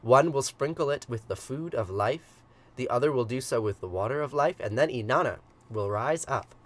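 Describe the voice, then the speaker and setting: A man hosting a morning livestream, reading an old myth aloud and chatting with viewers, hesitant with many ums and quick to chuckle. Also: medium pitch, lively intonation. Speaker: livestream ritual host. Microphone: livestream computer mic.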